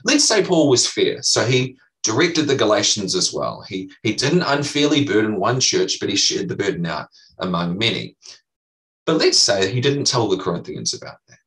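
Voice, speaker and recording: Earnest male preacher, lively pitch. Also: moderate pace, distant mic, low-quality recording. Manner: earnest, emphatic teaching with repeated phrases. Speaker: pastor. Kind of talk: sermon.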